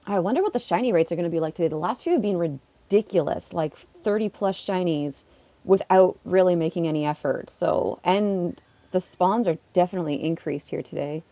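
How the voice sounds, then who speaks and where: A woman's voice: on the low side, brisk, mellow, dry recording. A woman, a schoolteacher, chatting casually on a live stream while playing, laughing often and talking back to her chat. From Canada.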